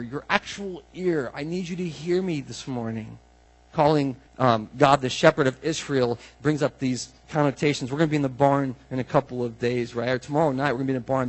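Male pastor, slightly higher voice, conversational sermon that builds to emphatic declarations. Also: husky, low-quality recording. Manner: conversational, asks the congregation questions; rises to emphatic, drawn-out declarations.

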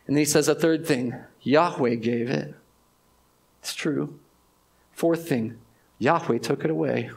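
A pastor giving a conversational sermon to his church, moving between loud emphasis and hushed, drawn-out phrases. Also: on the high side, gravelly.

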